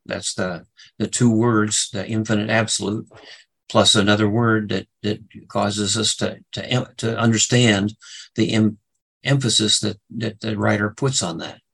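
Gravelly low-voiced man teaching scripture. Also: poor audio. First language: English. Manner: halting, with frequent fillers and restarts; leans hard on single words for emphasis. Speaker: Bible teacher. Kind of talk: Bible study lecture.

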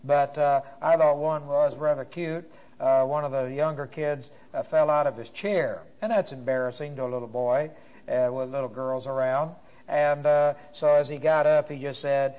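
Brief: male Bible teacher, fairly high voice, methodical lecture with repeated points, muffled dull recording. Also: normal speed. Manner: repeats points, many filler uhs.

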